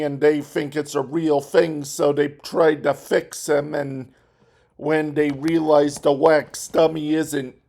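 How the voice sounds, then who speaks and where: A man talks through a casual commentary vlog at an unhurried, slow pace. He rambles, restarts his sentences and corrects himself in a chatty way. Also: fairly high pitch, gravelly, darkish tone. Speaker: vlog host.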